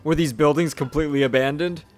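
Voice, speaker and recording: A man's voice: fairly high pitch, steady tone, fast. A young man giving a casual, sarcastic movie review voice-over, blunt and swearing offhandedly.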